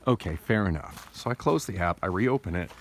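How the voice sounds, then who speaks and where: Brisk and animated, a low-voiced male vlogger talks into his phone camera amid slight background noise. His monologue is casual and rambling, with many restarts and detours, and he's speaking through a sore tooth.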